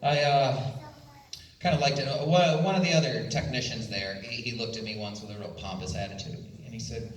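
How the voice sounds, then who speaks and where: A man's voice: medium pitch, steady tone, brisk. Self-deprecating man doing stand-up, roomy sound. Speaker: stand-up comic at a talent show. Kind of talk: stand-up comedy. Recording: echoey room, distant mic, faint noise.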